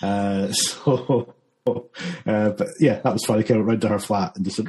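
Man, filmmaker guest, low warm voice, loose rambling delivery. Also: fairly even intonation, measured pace, low-quality recording. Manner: rambling, many fillers and restarts, laughs often. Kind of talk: casual interview chat.

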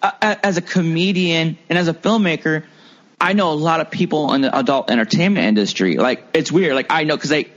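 A man tells loose, profane stories in casual chat, stacking filler words as he goes. His voice sits a little high. The recording is dull and lo-fi. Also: brisk, fairly bright tone. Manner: rambling storyteller, heavy filler words and profanity. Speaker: guest, comedian and filmmaker. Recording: muffled lo-fi recording.

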